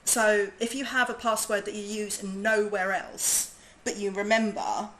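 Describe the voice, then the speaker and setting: A woman's voice: mid-range voice, fairly even intonation, a little slow, fairly bright tone, a little hiss or hum, poor audio. A woman from southern England with a southern English accent, chatting bubbly and casually with viewers while she streams a game. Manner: chatty, bubbly, laughs easily. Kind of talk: casual gaming stream chat.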